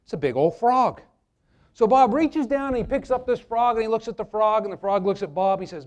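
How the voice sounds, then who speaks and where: A man's voice: sits high, animated, brisk, darkish tone. A man, an attorney, giving a live workshop talk to an audience, chatty and joking as he tells stories. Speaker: attorney presenting a seminar.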